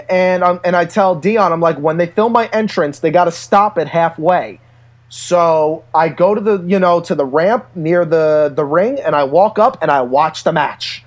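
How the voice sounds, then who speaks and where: Male co-host with a high voice, an animated storyteller who laughs often. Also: normal speed. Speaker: podcast co-host. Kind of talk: casual chat.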